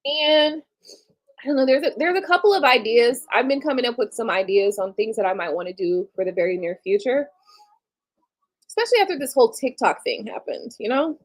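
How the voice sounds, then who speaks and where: A woman's voice: fairly high pitch, animated, a little fast. Blunt, plain-spoken woman in her late thirties. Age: late 30s. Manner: blunt, candid, swears casually. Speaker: livestream host. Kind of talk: casual live-stream monologue.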